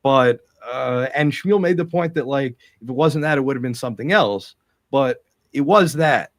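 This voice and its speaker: A man chatting on a commentary podcast in a measured, slightly dismissive way. His pitch is middling, and the recording is dry and close. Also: dry recording. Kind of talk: casual commentary chat.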